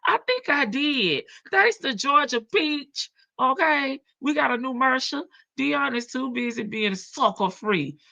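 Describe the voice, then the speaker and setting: A woman's voice: high-pitched, animated, a little slow, vocal fry, few pauses, pushed and bright, muffled recording. A woman with a country Southern drawl hosting a casual livestream, chatting, laughing and reading viewer comments. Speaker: livestream reaction host.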